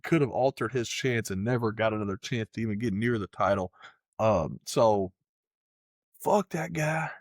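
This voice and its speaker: A man's voice: lowish voice, normal speed, dry recording, clean studio sound. A man co-hosting a podcast, ranting heatedly in casual chat and swearing constantly. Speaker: podcast co-host.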